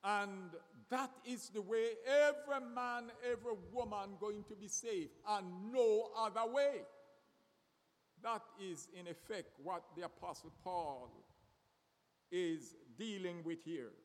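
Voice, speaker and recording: A man preaching a sermon slowly and deliberately, often repeating words as he searches for the next one. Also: high voice. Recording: long reverb of a hall.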